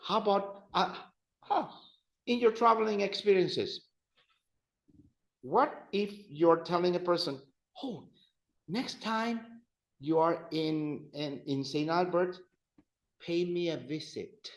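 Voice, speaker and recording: Slow, patient male language teacher. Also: high-pitched, vocal fry, roomy sound, poor audio. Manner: patient, repeats phrases for drilling. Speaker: Spanish teacher. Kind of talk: classroom teaching. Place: classroom.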